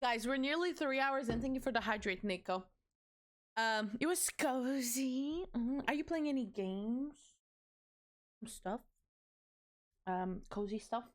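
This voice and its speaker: Young girl yapping on stream, slightly high voice, bit strained, rambly and casual. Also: expressive, unhurried, long pauses. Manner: chatty, rambling, self-described yapper. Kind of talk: casual live-stream chat while building.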